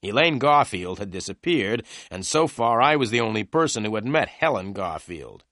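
A man narrating a detective story in clear, slow storytelling. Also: on the low side, sing-song, a bit bright, dry recording, studio quality. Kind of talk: scripted narration of a graded reader.

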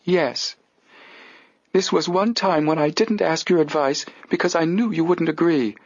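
A man's voice: a little high, unhurried, husky, no room sound, lo-fi sound, pitched above the performer's own voice. A man voicing a prim, severe older woman in an audiobook. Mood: firm.

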